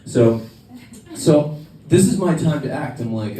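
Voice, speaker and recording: A man's voice: medium pitch, lively intonation, a little slow, mellow. A man from the United States doing stand-up comedy on a club stage, rambling through a story with many fillers and laughing at his own lines. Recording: echoey club from a distance, faint room noise.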